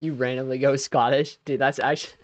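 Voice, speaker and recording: A man's voice: mid-range voice, level tone, fairly quick, no echo, lo-fi sound. A young man hosting a live stream, chatting casually with viewers. He laughs often and trails off mid-sentence.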